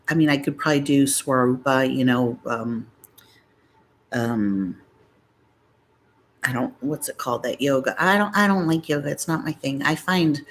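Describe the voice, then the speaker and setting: A woman's voice: a bass voice, a little hiss or hum, low-quality recording. A middle-aged woman chatting casually and rambling to her viewers on a live stream. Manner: rambling, talks straight to viewers. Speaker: mukbang vlogger.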